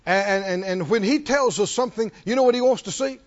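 A man preaching a sermon as pastor, animated and repetitive, calling on the congregation to answer back. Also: high-pitched, fairly quick. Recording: dull lo-fi recording.

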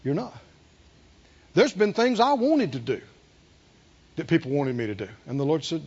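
A male pastor preaching a sermon in an animated way, drawing answers from the congregation. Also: sits high, normal speed, long pauses, breathy edge, muffled recording. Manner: animated preaching with call-and-response.

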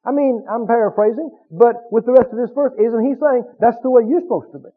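A man's voice: very high-pitched, fast talker, breathy edge. A man preaching a sermon, questioning the congregation and acting out little scenes. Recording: phone-like tinny recording.

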